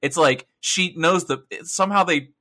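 Bright-voiced excitable male co-host. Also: on the high side, moderate pace. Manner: excitable, swears casually, laughs a lot. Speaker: podcast co-host. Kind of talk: casual gaming podcast chat.

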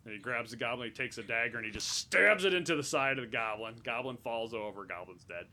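Gravelly dude running a tabletop game, kinda rambly, sharp bright sound. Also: male voice, mid-range voice, lively intonation, quick pace, hardly any pauses. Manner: loose, rambling, frequent restarts. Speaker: game master.

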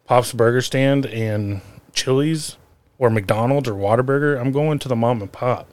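A man's voice: mid-range voice, moderate pace, dry recording. A man hosting a podcast, talking casually and with strong opinions, restarting and repeating words as he builds his point. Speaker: podcast host. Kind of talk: casual chat.

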